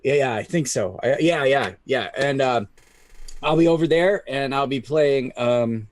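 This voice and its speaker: A man's voice: mid-range voice, unhurried. A man who plays tabletop games, chatting casually and rambling with lots of fillers and restarts. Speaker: tabletop game player. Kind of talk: casual chat.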